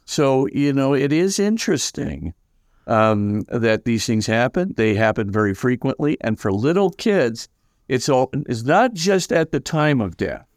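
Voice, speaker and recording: An older man, a priest as guest, telling stories in an animated way and acting out the voices of the people in them. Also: mid-range voice, a little slow, no room sound, clean studio sound. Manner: lively, acts out quoted voices, many fillers. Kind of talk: animated anecdotal storytelling.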